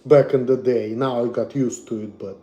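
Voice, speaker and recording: A young man from Russia with a Russian accent, ranting bluntly and profanely on a livestream, repeating himself and swinging between loud and soft. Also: mid-range voice, steady tone, normal speed, noisy background. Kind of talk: casual rant to stream.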